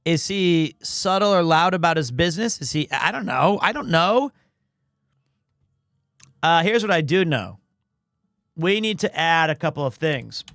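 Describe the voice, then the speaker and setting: A young male streamer with a high, lively voice that swings widely as he jokes with chat. He talks casually and teases himself, recorded dry and close to the mic. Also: a little slow, long pauses, no room sound. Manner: animated, joking, self-deprecating.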